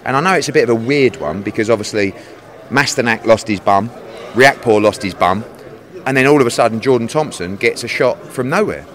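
A man in his forties speaks with a lively, swooping delivery as he mocks his interviewer. He swears freely and teases in a casual, animated way. The talk is recorded outdoors in a city. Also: mid-range voice, brisk. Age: 40s. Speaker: boxing promoter interviewed. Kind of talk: teasing casual banter.

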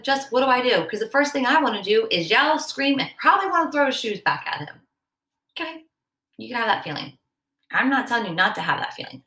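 A woman with a bright, fairly high voice hosts a self-help podcast. She talks casually and slips into quick acted-out snippets of dialogue. The room around her rings with a noticeable echo. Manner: conversational, acts out little quoted dialogues. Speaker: podcast host. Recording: echoey room.

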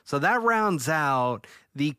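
A man's voice: a little high, very animated, takes it slowly, pushed and bright, smooth, no room sound, clean studio sound. A man hosting a podcast in casual chat, brash and joking, swearing freely. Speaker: podcast host.

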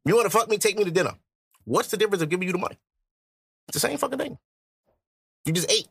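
A man's voice: high voice, lively intonation, quick pace, gravelly, husky, no room sound, clean studio sound. A man hosting a podcast, arguing his point bluntly in casual, profane chat. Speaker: podcast host.

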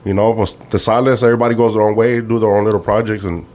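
A man's voice: lowish voice, flat delivery, fast, darkish tone. A man chatting easygoingly as a guest musician, slipping into Spanish now and then. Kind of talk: casual chat.

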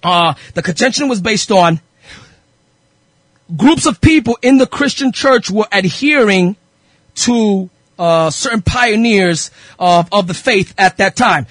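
High husky-voiced fervent radio preacher man. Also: animated, moderate pace, fairly bright tone, no room sound, studio quality. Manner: fervent, repeats phrases, rhetorical questions. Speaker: radio show host preaching. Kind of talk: impassioned radio sermon.

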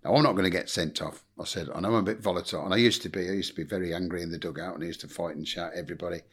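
A man's voice: sits low, steady tone, very fast, husky. A middle-aged English man, a former football manager, telling blunt anecdotes in a casual interview and acting out quotes. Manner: blunt anecdotal storyteller, swears, acts out quotes.

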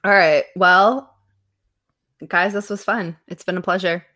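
Brief: upbeat woman podcast host with a lower voice. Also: steady tone, measured pace, pushed and bright. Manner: laughing, upbeat. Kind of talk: casual chat.

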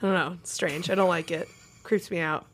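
A woman co-hosting a casual comedy podcast, wry and quick to laugh. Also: lowish voice, steady tone. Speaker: podcast co-host.

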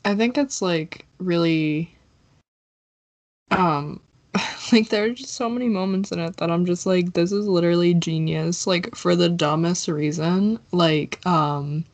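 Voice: mid-range voice, takes it slowly. A podcast co-host chatting casually about a film, with many fillers and frequent giggles.

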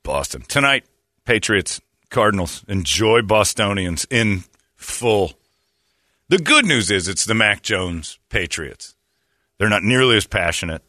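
A man's voice: lowish voice, big pitch swings, bright, forceful tone, dry recording, studio quality. A man hosting a radio show with mocking, joke-heavy banter. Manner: mocking, quick with jokes.

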